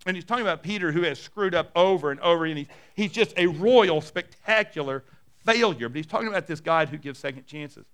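A middle-aged male pastor preaching a sermon and telling stories, dropping soft and low for quoted lines. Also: brisk, clean tone.

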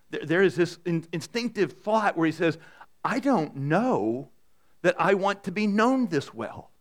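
A man preaching a sermon to a congregation in a conversational, animated way, often asking the room questions. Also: a little high, measured pace. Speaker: pastor. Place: church in front of a congregation.

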